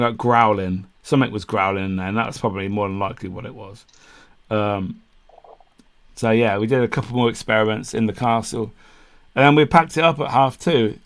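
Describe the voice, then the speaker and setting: A man co-hosting a podcast, telling a long camping story in casual chat, swearing freely and acting out what people said. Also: mid-range voice. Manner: swears freely, acts out quotes, laughs mid-story. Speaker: podcast co-host.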